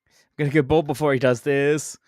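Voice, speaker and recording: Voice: medium pitch, flat delivery, brisk, a little mellow, no room sound, clean studio sound. A game streamer chatting casually while playing, answering chat, counting down jumps and making playful sound effects.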